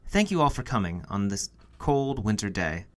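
A man voicing a gentle, welcoming female deer who hosts a woodland tea party in a storybook reading, speaking in a formal, kindly way. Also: lowish voice, sing-song, moderate pace.

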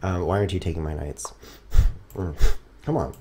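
A man commentating his own chess games on a stream, goofy and self-mocking, talking to viewers and swinging from excited outbursts to quiet mutters. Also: brisk, a little hiss or hum. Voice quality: animated, jumps high when excited, drops to mutters. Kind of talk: casual live commentary while playing. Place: home room. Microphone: streaming setup.

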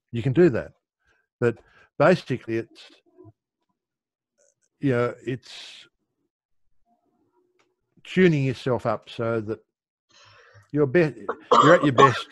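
A man's voice: medium pitch, dry recording. A middle-aged man explaining meditation in an easygoing, conversational way, often restarting his sentences. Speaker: meditation teacher.

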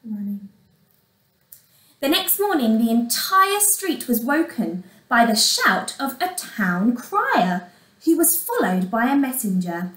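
A woman teacher reads a fairy tale aloud to little children, slow and expressive, with a high, animated voice. She sometimes asks her listeners questions. The recording sounds roomy and echoey. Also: distant mic. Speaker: primary school teacher. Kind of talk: reading a storybook aloud to young children.

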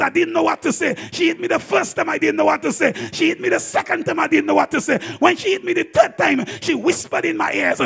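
A man with a Grenadian accent preaching a sermon in church, telling a story with laughter and building to shouts. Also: very high voice, fairly quick, vocal fry, few pauses.

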